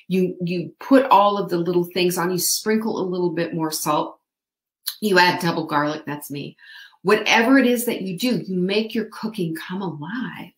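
A woman's voice: fairly low pitch, roomy sound. Upbeat woman host coaching her viewers. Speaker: host of a live online show. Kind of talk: motivational live-stream talk.

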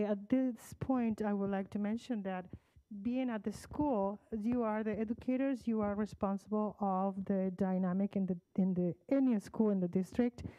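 A woman's voice: medium pitch, mellow, dry recording, low-quality recording. A woman speaking as a parent at a public meeting, earnest and formal, emotional as she chooses her words carefully. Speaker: parent giving public comment.

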